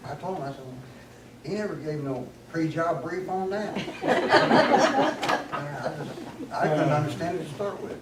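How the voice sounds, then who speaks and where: A man's voice: a little high, expressive, a little slow, pauses often, very noisy. Older male speaker, folksy yarn-teller, echoey distant hall recording. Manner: folksy, laughing as he tells it. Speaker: guest speaker. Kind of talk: storytelling talk to an audience.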